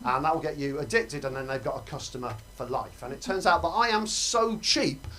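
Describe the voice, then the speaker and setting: A young man doing a stand-up comedy set on a club stage, quick and self-mocking, breaking into loud put-on voices. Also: a little high, slight background noise. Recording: live room with audience laughter. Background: audience laughing.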